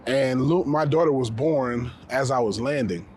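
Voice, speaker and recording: Relaxed storytelling man outdoors. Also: medium pitch, normal speed, a little hiss or hum. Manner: relaxed, swearing, repeating words as he tells stories. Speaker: podcast co-host on a fishing trip. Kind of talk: casual storytelling chat. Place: outdoors by water.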